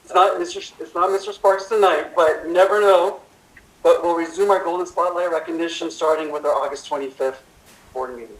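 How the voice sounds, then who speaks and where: Man, district official, light and joking, higher voice, echoey room. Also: steady tone, fairly quick. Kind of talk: meeting announcement. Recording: echoey hall.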